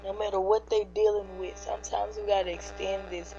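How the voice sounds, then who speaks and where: A woman's voice: mid-range voice, little pitch movement, brisk, creaky. A woman, teary-eyed and earnest, hosting a livestream to encourage her viewers. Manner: earnest, preachy, speaks to chat directly. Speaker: livestream host. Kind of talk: emotional encouraging livestream chat. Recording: dull lo-fi livestream audio with faint hum.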